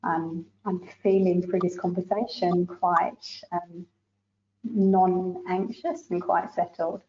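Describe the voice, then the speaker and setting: A woman with an Australian accent, interviewing and answering in a relaxed, plain way. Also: lowish voice, takes it slowly, muffled recording, a little hiss or hum.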